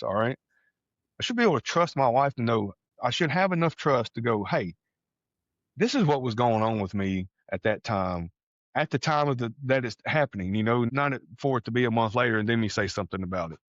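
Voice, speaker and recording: A man's voice: medium pitch, no room sound. Texas guy telling his story on a podcast, dull dry recording, acts out what people said. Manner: animated storyteller, acts out quoted voices. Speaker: podcast guest. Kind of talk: casual storytelling.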